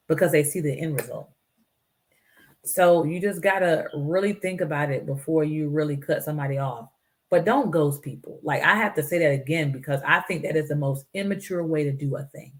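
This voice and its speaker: A woman's voice: deep voice, normal speed. A woman hosting her own show, giving earnest, preachy life advice and acting out the voices of people she quotes. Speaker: show host. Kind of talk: motivational talk.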